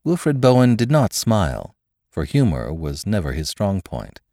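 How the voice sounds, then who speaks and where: Expressive male audiobook narrator, dry sound. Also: sits low, no echo. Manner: measured, expressive storytelling. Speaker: podcast narrator.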